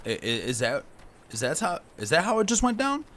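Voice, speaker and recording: A man streaming a game live, talking excitably and profanely while he reads game dialogue aloud. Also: a little high, brisk. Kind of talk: live gameplay commentary.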